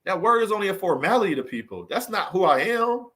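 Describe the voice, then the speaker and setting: A man's voice: sits high, sing-song, fast talker, a bit bright. A man speaking in an unscripted, heartfelt monologue, earnest and preachy, full of restarts, repeated phrases and emphatic rhetorical questions. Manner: emphatic rhetorical questions, swinging between raised and subdued delivery. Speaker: vlogger giving a motivational talk.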